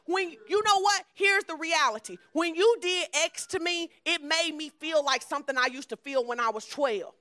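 High bright-voiced woman preaching bluntly. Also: normal speed, hardly any pauses. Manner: emphatic and blunt, shifting to soft and low. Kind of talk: conversational sermon.

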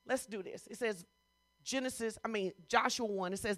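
A woman pastor preaching a sermon in a conversational, informal way, switching between loud emphasis and hushed asides. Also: fairly high pitch, moderate pace. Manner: informal, talks straight to the congregation.

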